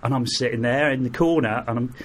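A middle-aged man, a guest, telling lively anecdotes and acting out the people in them. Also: medium pitch, a little fast, a little hiss or hum. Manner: animated anecdotes, acts out quoted voices, laughs through. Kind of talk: storytelling in an interview.

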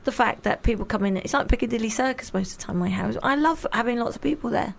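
A middle-aged woman co-hosting a radio chat show, her voice pitched a touch high. She talks in a playful, gossipy way and mocks herself. She often cuts into the talk. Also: fast, creaky. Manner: chatty, playful, self-mocking, talks over others. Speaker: radio co-host.

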